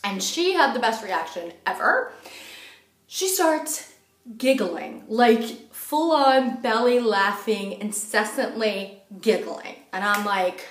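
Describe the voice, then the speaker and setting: A middle-aged woman telling a personal story in a casual, animated way, talking fast and acting out her own past lines. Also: fairly high pitch. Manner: animated, fast-talking, quoting herself with rising excitement. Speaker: spiritual vlogger. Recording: echoey room.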